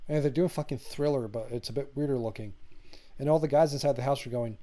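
A man's voice: on the high side, animated, fast, warm tone. A man co-hosting a podcast, chatting casually about a film. He rambles, swears often and laughs as he retells scenes. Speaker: podcast co-host. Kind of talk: casual chat, film review.

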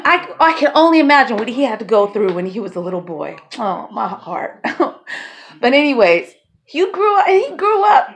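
A woman rambling to her camera in a casual vlog, her voice sitting a little on the high side. She is chatty, laughs a lot between thoughts and swears without a second thought. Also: a bit bright. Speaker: vlogger.

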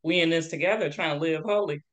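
A woman's voice: deep voice, fast. A woman hosting a casual faith-based interview, speaking over a video call. She is chatty and conversational, slipping into small preachy asides and leaning on "you know" as she goes. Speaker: podcast host.

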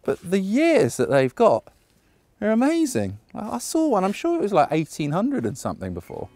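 A man's voice: high voice, wildly swooping pitch, normal speed, darkish tone, dry recording. A man chatting casually as he leads a walking tour outdoors, full of anecdotes and frequent chuckles. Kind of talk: casual guided walk narration. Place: outdoors on a park walk.

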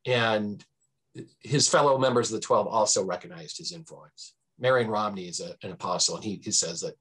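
A man with a husky, slightly rough voice tells history as a podcast guest. He speaks in a lively, storytelling way, jumping up in pitch to make a point, with plenty of ums and restarts. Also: normal speed. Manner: animated, swings pitch for emphasis; frequent fillers and restarts. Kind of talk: conversational storytelling.

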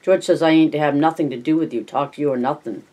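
A reader voicing a big, simple-minded, gentle ranch hand in a storybook reading, speaking slowly, plaintively and like a child. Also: mid-range voice, natural voice.

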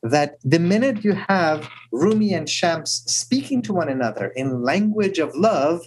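A man with a husky voice, a guest speaker telling stories and often asking "right?". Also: on the high side, measured pace, low-quality recording. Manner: animated storyteller who often asks "right?". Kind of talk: storytelling talk.

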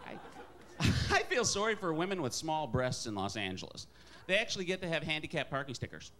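A man from Wisconsin doing a wry, self-deprecating stand-up comedy set, jumping into high put-on voices for characters. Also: big pitch swings, a little fast, bright, forceful tone.

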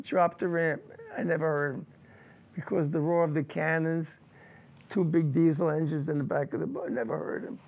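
Gravelly older veteran recalling war. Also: male voice, on the high side. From United States. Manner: emotional, halting recollection with repeated words. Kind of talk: personal war testimony.

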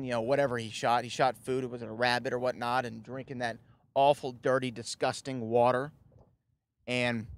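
A male podcast host talks through a film recap in a loose, rambling way, full of "you know" and "uh". His voice sits at an ordinary middle pitch. The recording is close and dry, with no room sound. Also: no echo. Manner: rambling, filler-heavy retelling with chuckles.

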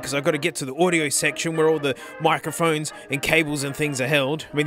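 A man's voice: fairly high pitch, vocal fry. An Australian man hosting a casual vlog as he walks through a music store, gushing over what he sees and calling everyone "mate". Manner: excitable, gushing, says "mate" constantly. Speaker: vlog host. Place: indoor music store, walking around.

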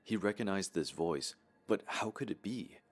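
Very deep-voiced horror story narrator. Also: male voice, animated, normal speed.

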